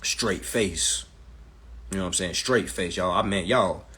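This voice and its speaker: A man hosting a casual phone livestream, talking in a brash, profane, animated way and slipping into mocking voices. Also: low voice, measured pace. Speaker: livestream host giving legal advice.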